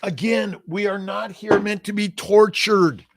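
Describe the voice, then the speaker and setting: A man's voice: high voice, fairly even intonation, unhurried, gravelly, heavy background noise. An older man hosting a casual live-stream Q&A, reading viewer comments aloud and answering them in an upbeat, encouraging, folksy way, often tagging on "right?". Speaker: host answering viewer questions.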